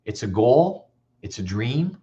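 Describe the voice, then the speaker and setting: Animated man giving a school motivational talk. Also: medium pitch, takes it slowly. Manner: animated, storytelling, audience questions. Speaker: motivational speaker. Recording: dull lo-fi recording.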